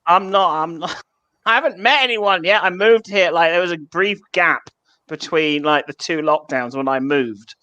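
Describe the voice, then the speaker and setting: An English guest comedian chatting casually, self-deprecating and quick to laugh. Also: mid-range voice, pushed and bright, dry recording, highs cut off. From England. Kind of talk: casual chat on a comedy show.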